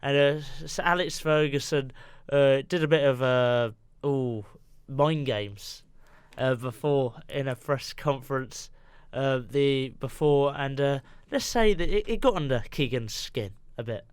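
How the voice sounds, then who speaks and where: A man co-hosts a football podcast, telling his story haltingly with frequent pauses. His voice is clear and smooth. The sound is dry and close. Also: mid-range voice, dry recording. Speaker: podcast co-host. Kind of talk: casual football chat.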